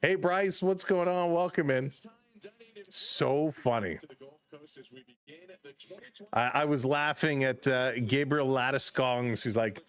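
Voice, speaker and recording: A man's voice: slow pace, pauses often, smooth. A man hosting a live baseball stream, mixing play-by-play with chatty greetings to viewers. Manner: chatty, greets chat viewers by name between pitches; gets loud and excited on big plays. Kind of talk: casual live play-by-play commentary.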